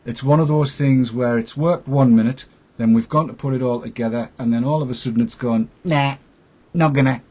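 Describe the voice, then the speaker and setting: A man's voice: medium pitch, fairly even intonation, brisk, few pauses, mellow. A man hosting a casual online chat show, talking in a jokey, self-deprecating way. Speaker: host.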